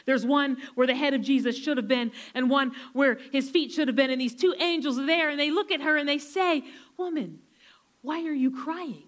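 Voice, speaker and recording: A woman preacher retelling a story in a sermon, emphatic, repeating phrases and slowing down to stress key lines. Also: high-pitched, steady tone.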